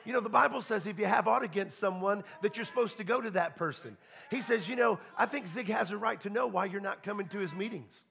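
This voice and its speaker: A man's voice: high-pitched, quick pace, vocal fry, fairly bright tone. A man preaching a storytelling sermon, folksy, full of restarts, acting out conversations. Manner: folksy, repeats and restarts, quotes people in dialogue.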